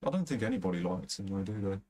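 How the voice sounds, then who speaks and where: A young man from England with a London-area accent chats casually while streaming a football game. His low, dark voice has a breathy edge and a sing-song lilt, and he races along, rambling, swearing freely and using many fillers.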